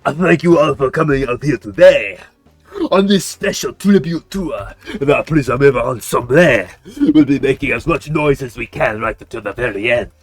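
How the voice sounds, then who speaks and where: A man voicing a female band leader who rallies a crowd in a slow, stage-speech way, with faint music behind. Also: mid-range voice, expressive, no room sound, close to an everyday voice. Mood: rousing.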